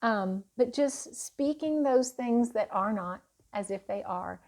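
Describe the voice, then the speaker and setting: A woman's voice: fairly high pitch, lively intonation, slow, a little mellow. A woman teaching parents in a casual, chatty way, telling stories with a laugh and speaking of faith.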